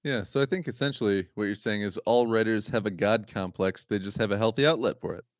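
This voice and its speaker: Host, man; easygoing and affirming, low voice. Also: fast, dry recording, studio quality. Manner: laughs often, affirming. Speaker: podcast host. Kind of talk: casual conversation.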